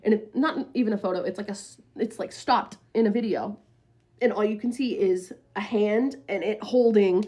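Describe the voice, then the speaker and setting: A woman's voice: medium pitch, moderate pace, dark tone. A woman in her twenties telling a story casually to the camera, profane and rambling, with lots of fillers.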